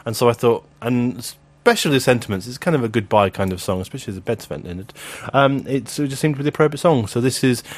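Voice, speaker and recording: A man's voice: medium pitch, lively intonation, fast talker, few pauses. A man presenting a radio show, chatting casually and rambling through asides with frequent laughter. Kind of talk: casual on-air banter.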